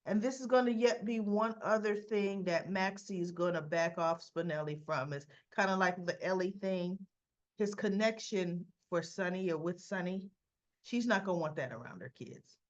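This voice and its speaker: A woman's voice: on the low side, normal speed, highs cut off. A woman casually recapping and commenting on soap opera episodes, retelling scenes with quoted lines.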